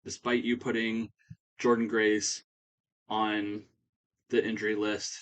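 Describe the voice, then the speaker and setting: Guy doing a no-nonsense lady boss sorting out a title match, measured. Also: on the low side, little pitch movement, fairly bright tone. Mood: businesslike. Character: stern female wrestling authority figure.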